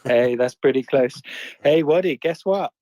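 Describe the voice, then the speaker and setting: A man's voice: medium pitch, measured pace, dark tone, dry recording. A man in a casual chat tells a joke in an upbeat, playful way. His voice sits in the middle range, and it is recorded close and dry. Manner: upbeat, joking.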